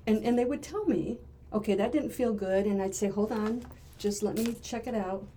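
An older woman, a retired therapist, speaking as a guest in a casual interview and often pausing and repeating words as she gathers her thoughts. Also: medium pitch, dark tone, slight background noise.

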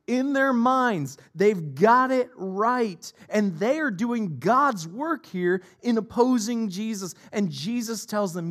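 A man's voice: high-pitched, animated, slow pace, hardly any pauses, fairly bright tone. A middle-aged man preaching a sermon as a pastor, emphatic and repetitive in his delivery.

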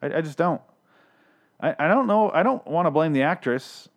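A man's voice: fairly high pitch, expressive, normal speed. Profane, rambling male show recapper. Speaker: podcast host. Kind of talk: casual TV episode recap.

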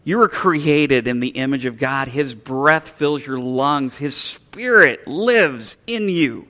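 A male pastor preaching a sermon in a church, earnest and emphatic, slowing and softening on key phrases. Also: mid-range voice, animated.

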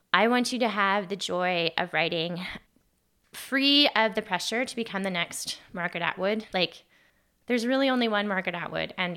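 A woman in her thirties hosts a solo podcast, talking chattily and earnestly with lots of "like" and self-corrections, and her voice briefly catches with emotion. It's a mid-range, fairly bright voice with a clear, resonant tone.

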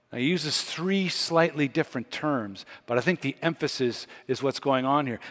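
A man's voice: on the high side, a bit bright. Emphatic male preacher in a reverberant hall. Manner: emphatic, building to ringing peaks. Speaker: pastor. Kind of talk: sermon.

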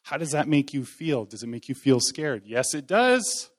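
In a church hall, a man who is a lay preacher gives an informal sermon in a medium-pitched voice at a moderate pace. He keeps it conversational and folksy, poking fun at himself.

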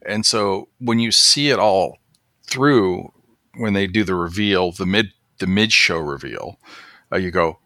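A man's voice: sits low, slow, pushed and bright, no room sound, clean studio sound. A man hosting a casual podcast chat about movies, rambling with many fillers and restarts. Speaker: podcast host.

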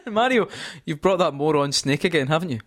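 Man reads a smug, rumbling monster king in a comic storybook reading. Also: lively intonation, fairly quick, fairly bright tone.

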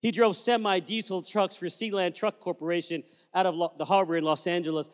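High-voiced preacher whooping in a hall. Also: male voice, steady tone, brisk. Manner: storytelling with sudden joyful whoops. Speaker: pastor. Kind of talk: sermon. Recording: long reverb of a large hall.

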